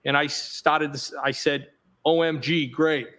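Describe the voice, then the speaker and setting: A man on the witness stand in a courtroom, reading messages aloud in a steady, measured delivery. His voice sits a little higher than most men's, and he reads each punctuation mark aloud as he goes.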